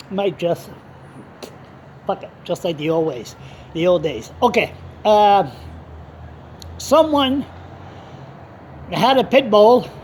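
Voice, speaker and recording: Speaking straight into the camera, a blogger whose voice sits high delivers a rambling, casual, unscripted monologue, bluntly and with frequent swearing. His attention wanders from his story to talking with his dog. Traffic hums faintly in the background.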